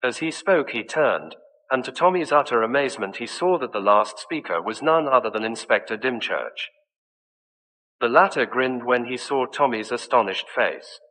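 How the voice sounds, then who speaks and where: A man narrates a classic mystery in a bright, forward voice. His reading is measured and even. A long reverb trails behind every line. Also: mid-range voice. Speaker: audiobook narrator. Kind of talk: scripted narration of a mystery story.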